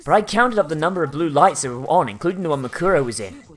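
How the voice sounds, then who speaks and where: A let's-play narrator reading the lines of a calm, analytical young female detective in a low, even, measured voice. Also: natural voice. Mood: explaining.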